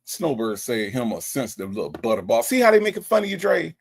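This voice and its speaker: Fast, creaky and a little breathy, this medium-pitched male host pokes fun at a caller as he gives casual commentary over a call recording. His manner is animated, teasing and repetitive.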